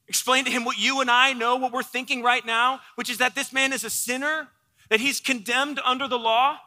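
A man preaching in an earnest, explanatory way and putting questions to his listeners. His voice sits very high and sounds very bright and sharp. A long reverb trails each phrase, as in a church hall. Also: steady tone, a little fast. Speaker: pastor. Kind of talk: sermon.

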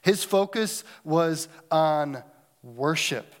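A man preaching a sermon, swinging between loud emphatic lines and hushed, almost whispered moments. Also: a little high, lively intonation, drawn-out words. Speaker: pastor.

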